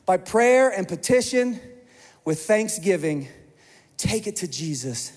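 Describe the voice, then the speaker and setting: A man preaching a sermon as pastor, an animated storyteller who acts out the quoted voices. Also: high voice, slow. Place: church hall. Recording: long hall reverb.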